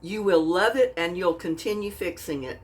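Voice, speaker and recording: In a casual cooking vlog, a woman from Texas samples her food and gushes in folksy style, saying y'all a lot as host of her own channel. She talks at normal speed with a fairly low pitch.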